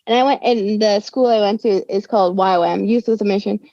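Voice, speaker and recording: A woman's voice: mid-range voice, steady tone, fast, dark tone, no echo. Young female musician guest, casual slangy chat, dry lo-fi audio. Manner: laid-back slangy talk, says dude and bro. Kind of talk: casual conversational interview. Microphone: remote call. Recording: dull, dry lo-fi call audio.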